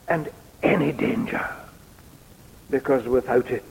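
A man preaching an expository sermon in a measured, deliberate way, pausing to read out quotations. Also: medium pitch, big-room sound, muffled recording.

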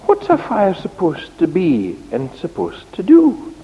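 A man preaching a children's sermon, telling a story in an animated, sing-song way. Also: high-pitched, measured pace, big-room sound, muffled recording, a little hiss or hum. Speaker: preacher giving a children's talk.

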